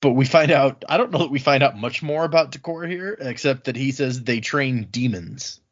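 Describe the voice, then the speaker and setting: A man hosting a book podcast, casually recapping the chapters and acting out characters' lines in quick asides. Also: medium pitch, highs cut off. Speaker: podcast host. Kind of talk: casual book-club chat.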